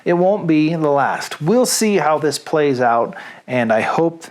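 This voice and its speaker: A man's voice: on the high side, expressive, slow. A man with a Southern US accent hosting a comedic reading show, talking to viewers in a jokey and rambling way. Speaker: host and reader. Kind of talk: comedic reading and chat to camera.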